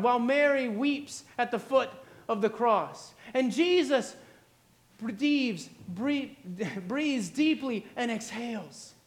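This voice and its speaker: Very high-voiced, slow preaching man. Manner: dramatic storytelling with repeated refrains. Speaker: pastor. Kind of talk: sermon.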